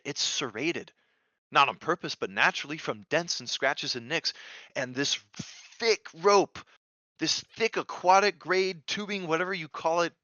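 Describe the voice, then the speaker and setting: A man on a podcast telling a story casually, animated and profane, dropping quietly into narration and then bursting out in loud exclaimed lines. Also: mid-range voice, dry recording. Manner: loose and profane, heavy use of "like". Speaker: podcast guest. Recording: dry, dull lo-fi sound.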